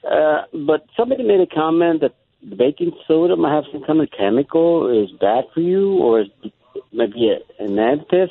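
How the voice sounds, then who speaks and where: A man's voice: fairly high pitch, expressive, moderate pace, no echo. A polite man in his sixties calls in to a radio show, hesitant and deferential. His voice comes through a tinny phone line with a dry, close sound. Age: 60s. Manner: polite, hesitant, says sir often. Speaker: caller. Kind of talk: phone-in call.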